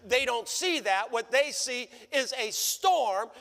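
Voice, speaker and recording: Male pastor, very high bright voice, unhurried sermon delivery, long church reverb. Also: animated, gravelly. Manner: preaching with repeated rhetorical questions. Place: church sanctuary.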